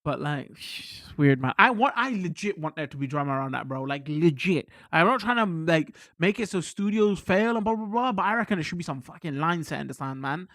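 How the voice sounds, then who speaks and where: A British man chatting casually on a live stream, rambling and excitable, swearing freely as he talks to his chat. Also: on the high side, brisk, few pauses, no echo, studio quality.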